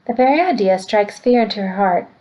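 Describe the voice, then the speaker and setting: A woman's voice: medium pitch, lively intonation, a little fast, dark tone, lo-fi sound, close to an everyday voice. Teacher doing a bossy smart little boy, fancy words, storybook read. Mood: lofty. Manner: precise, lofty wording. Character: small bossy clever boy, formal talker.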